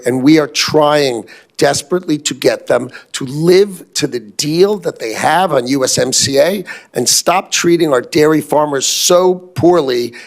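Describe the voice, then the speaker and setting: A man, a government secretary, testifying at a hearing in an insistent, combative way. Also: medium pitch.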